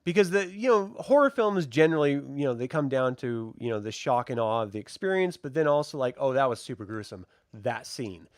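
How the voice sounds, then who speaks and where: Lively, animated man reviewing a film. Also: medium pitch, fairly quick, few pauses, no room sound, studio quality. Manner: animated, acts out characters in loud shouts. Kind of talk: casual film discussion.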